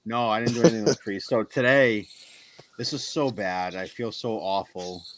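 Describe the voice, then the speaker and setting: A man casually telling a story to friends in a profane, self-deprecating way, with loud outbursts. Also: lowish voice, moderate pace, a crowd in the background.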